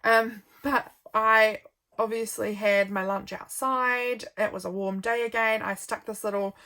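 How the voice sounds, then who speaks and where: A woman's voice: mid-range voice, level tone, measured pace, bright, forceful tone. Young kiwi woman rambling chattily through her journal, sleepy, keeps yawning. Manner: rambling, friendly, stops for frequent yawns. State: tired, yawning. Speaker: vlogger.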